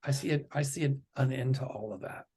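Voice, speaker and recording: A man hosting a psychic chat show, talking casually and stressing his points in slow, deliberate lists. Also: mid-range voice, darkish tone, husky. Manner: deliberate, emphatic listing of words. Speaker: psychic host.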